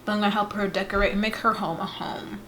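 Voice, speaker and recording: A woman's voice: mid-range voice, level tone, fast, sharp tone, slight background noise. A young woman in her twenties chatting casually to her viewers in a playful, rambling way. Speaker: vlogger. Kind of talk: casual vlog chat.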